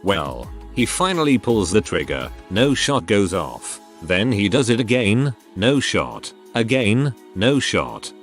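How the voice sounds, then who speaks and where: A man reading out online posts in a dry, matter-of-fact way, adding wry asides of his own. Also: on the low side. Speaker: narrator reading Reddit posts. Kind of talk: casual narration of online stories.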